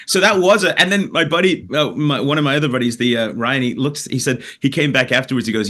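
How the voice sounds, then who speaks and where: Canadian comedian guy, bright tense voice, swears a lot, tells stories fast and loose. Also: mid-range voice. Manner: animated anecdote-telling with profanity and laughter. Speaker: comedian guest. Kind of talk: storytelling in a podcast interview.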